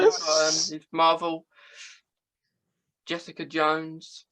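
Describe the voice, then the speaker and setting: A man's voice: on the high side, steady tone, moderate pace, pushed and bright, low-quality recording. A man speaking as a podcast guest in casual chat, hesitant and full of fillers and restarts.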